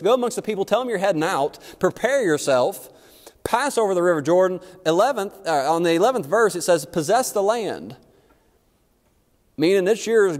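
A man preaching a sermon as pastor, emphatic and folksy, his delivery rising and falling. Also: high-pitched. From United States. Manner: emphatic preaching that rises and falls, with folksy asides. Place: church sanctuary. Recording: long hall reverb.

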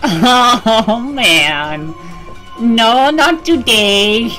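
Woman streamer, high lively voice, yelps and swears through a horror game over loud music. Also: extremely slow, rough recording. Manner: panicky screaming and heavy swearing. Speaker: gamer playing a horror game. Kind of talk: let's play commentary. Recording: game music playing loudly behind.

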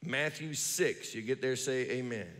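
A male pastor preaching a sermon, reading scripture slowly and calling on the congregation to read along, swinging between loud high emphasis and low quiet asides. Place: church sanctuary. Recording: long reverb of a large church.

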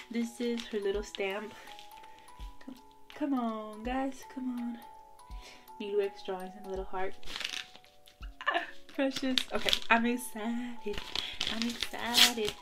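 Bubbly young woman doing an unboxing vlog, giggly and gushy, some quiet music in the back. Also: fairly high pitch. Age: young adult. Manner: bubbly and giggly, gushing with excitement. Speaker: vlogger.

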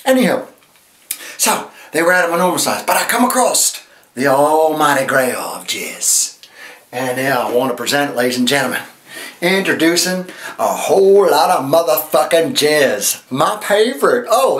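A man playing a flamboyant male infomercial pitchman with over-the-top sales patter, recorded in an echoey room. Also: sing-song, moderate pace, fairly bright tone. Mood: hyped.

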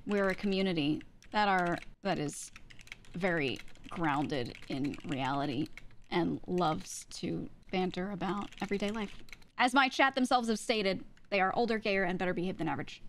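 A young woman VTuber streams from home, chatting casually with viewers and reacting to clips, laughing often between sentences. Her voice is lowish, her pace moderate, and there's slight background noise.

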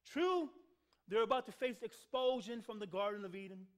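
A man's voice: high voice, lively intonation, moderate pace. A man preaching a sermon as pastor of a church, calling out to the congregation for responses and repeating words for emphasis. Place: church sanctuary.

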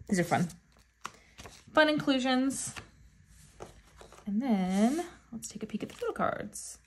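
A woman vlogger unboxing albums in a casual chat, gushing and often gasping with excitement. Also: fairly high pitch, slow, pauses often, slightly rough. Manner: gushing, with frequent excited gasps.

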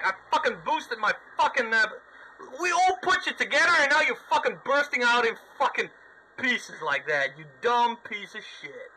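A man's voice: very high voice, lively intonation, moderate pace, sharp tone, poor audio. A man commentating his gameplay in a sweary, sarcastic running rant at the game. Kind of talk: let's play commentary.

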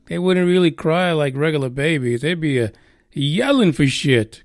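Male podcast host, irreverent and profane, loose rambling delivery, slightly high pitch. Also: expressive, moderate pace, no echo, clean studio sound. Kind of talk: casual news chat.

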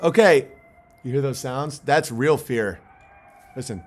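A man's voice: mid-range voice, takes it slowly. A man hosting a casual livestream from outdoors on his farm at night, rambling, swearing and laughing as he jokes in a mock-spooked way. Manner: profane, joking, mock-spooked, laughs often. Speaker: livestream host.

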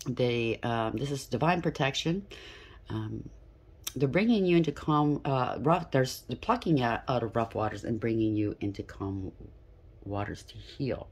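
A woman with a low, husky voice gives a casual tarot reading from a room at home. She talks in an emphatic stream of thought, often pausing to ask "okay?". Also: darkish tone. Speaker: tarot reader. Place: home room with incense burner.

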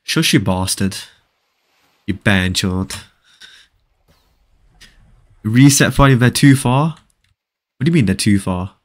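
A man streaming a game live, chatting casually with viewers, excitable and often repeating phrases as he reads chat aloud. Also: fairly low pitch, takes it slowly, long pauses.

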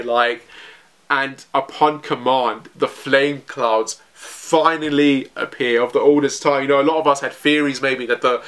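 A young man giving an excited, rambling recap of manga chapters, full of fillers and restarts. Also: mid-range voice. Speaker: manga reviewer.

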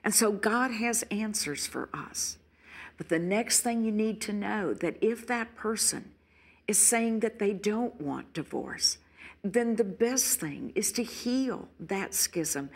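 A woman's voice: medium pitch, gravelly, husky. An older woman teaching the Bible on air, earnest and pleading, at times voicing a wounded spouse's words.

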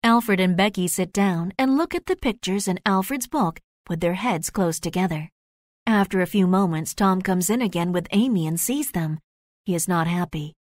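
A woman reading the narration of a graded storybook, slow and clear. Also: lowish voice, no echo, clean studio sound. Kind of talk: scripted narration of a graded reader.

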